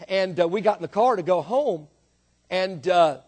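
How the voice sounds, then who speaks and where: A man preaching a sermon, emphatic, swinging from quiet explanation to loud drawn-out emphasis. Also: high-pitched, lively intonation. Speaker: pastor.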